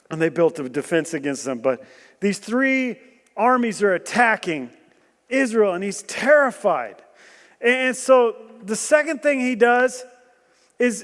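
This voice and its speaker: A man preaching a sermon, animated and joking, asking the room questions and bursting into loud emphasis. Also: high voice. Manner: animated storytelling with jokes and rhetorical questions. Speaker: guest preacher. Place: church hall. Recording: long church hall reverb.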